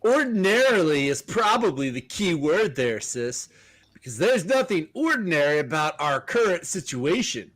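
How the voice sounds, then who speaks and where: A cocky young hero with flaming hands quips his way through, read by a man. His voice is high and bright. It bounces around playfully. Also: very animated, moderate pace. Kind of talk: comic book read-aloud.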